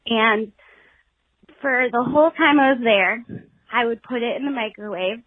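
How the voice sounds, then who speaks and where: A woman's voice: a little high, moderate pace, dry recording. A woman leaving a phone message, telling a friendly story. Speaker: caller. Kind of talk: voicemail story. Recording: tinny phone line.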